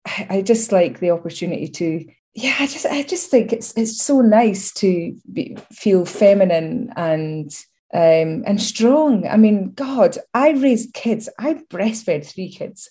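Speaking slowly in a mid-range voice, a middle-aged Scotswoman opens up as an interview guest. Her storytelling is lively and funny, and she sounds proud of what she recounts.

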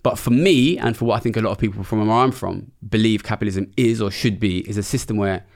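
A man's voice: fairly low pitch, fast, gravelly, a little mellow. A man, a former trader giving an interview in a blunt, passionate, sweary way. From England. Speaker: economist and former trader, guest.

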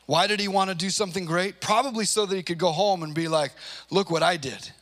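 A man preaching a conversational sermon, telling stories in an animated way and acting out the quotes. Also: sits high, fast. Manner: animated storytelling, acts out quotes.

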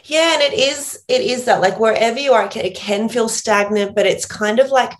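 A woman's voice: a little high, fairly quick. An Australian woman with a small-town coastal accent, talking as an interview guest and author in a chatty, storytelling way with many fillers. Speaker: guest, author and business founder. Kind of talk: casual interview conversation.

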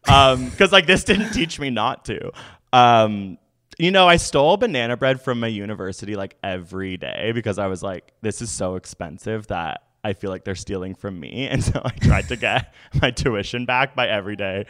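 A man's voice: on the low side, lively intonation, normal speed, a bit bright. A young man from Canada, a guest telling stories in casual chat and quoting people in voices.

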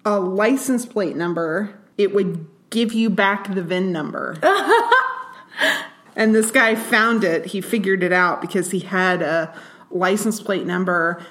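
A woman's voice: mid-range voice, unhurried, fairly bright tone. A woman co-hosting a podcast, chatting casually as she shares research findings and laughs as she explains them. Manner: laughs while explaining facts. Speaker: podcast co-host. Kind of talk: casual chat sharing research.

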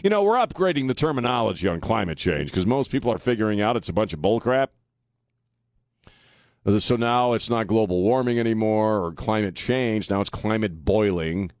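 A man's voice: on the low side, expressive, moderate pace, no echo, studio quality. Blunt sarcastic male radio host. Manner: blunt, sarcastic, rambling with restarts. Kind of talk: opinionated talk radio monologue. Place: radio studio.

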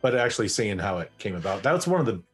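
A man co-hosting a casual podcast, laid-back and quick to laugh. His voice is very low and husky, with faint music in the background. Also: very animated. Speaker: podcast co-host. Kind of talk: casual chat.

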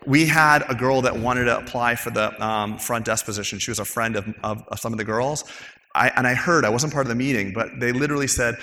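A man's voice: medium pitch, expressive, fairly quick, bright, forceful tone. A man speaking casually on a panel as a dental practice owner, telling stories and acting out coworkers' quotes with animation. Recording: long hall reverb.

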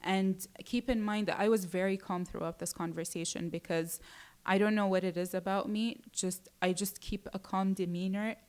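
A woman's voice: medium pitch, moderate pace, smooth. Young woman telling a date story. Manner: animated storytelling, quotes others, swears. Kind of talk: casual chat.

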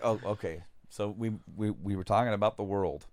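A man's voice: on the low side, a little fast, darkish tone, dry recording. A man co-hosting a podcast, recapping a comic in rambling casual chat. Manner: rambling, laughs often, full of fillers. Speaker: podcast co-host.

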